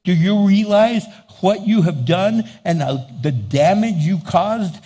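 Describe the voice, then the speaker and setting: Pastor guy preaching hard, kinda high husky voice, big echo of a church hall. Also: slow pace, warm tone. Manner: emphatic, repetitive preaching with asides to the congregation. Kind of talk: sermon. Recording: long hall reverb.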